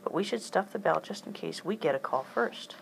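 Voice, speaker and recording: A woman voicing a tiny, cautious father who calmly gives instructions. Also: on the low side, fairly quick, vocal fry, a little hiss or hum, rough recording. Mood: instructing. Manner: calm, instructive.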